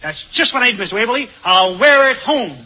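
A man performing 1940s radio comedy, playful and mock-suave. His voice is very high and bright, with a lively swing in pitch. The old recording is muffled with faint hiss. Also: a little fast. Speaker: comedian host.

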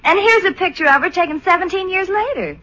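A woman's voice: extremely high pitch, animated, fast, pushed and bright, dull audio, full character voice. An actress in a 1940s radio comedy playing a practical young sweetheart who scolds her boyfriend with growing impatience. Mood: impatient.

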